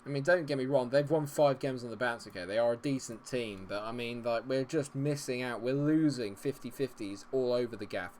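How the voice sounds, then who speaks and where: A man commentating live on his own football management game. He is dry and sarcastic, and his mid-pitched voice sits over a faint hiss of background noise. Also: a little fast, few pauses, a little mellow. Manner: exasperated, sarcastic, swings from grumbling to cheering. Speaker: gaming streamer.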